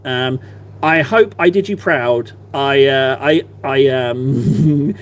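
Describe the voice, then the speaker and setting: A man's voice: mid-range voice, slow pace, a little hiss or hum. A man in his thirties chatting casually on a live stream while he paints, rambling and self-deprecating.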